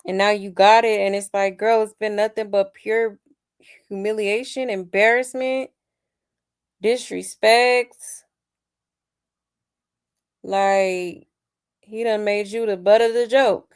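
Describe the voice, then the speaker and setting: A woman's voice: medium pitch, steady tone, slow pace, pauses often, smooth. A woman hosting a celebrity gossip livestream, sassy and chatty, talking straight to her viewers while she is losing her voice a little. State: slightly hoarse, losing her voice. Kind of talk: casual celebrity gossip commentary.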